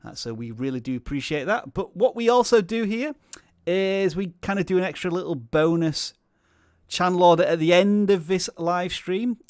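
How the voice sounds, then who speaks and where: A man's voice: sits high, moderate pace, a little mellow, smooth, no echo, studio quality. A man with a Yorkshire accent hosting a casual livestream over a video call, chatty and self-deprecating. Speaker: livestream host.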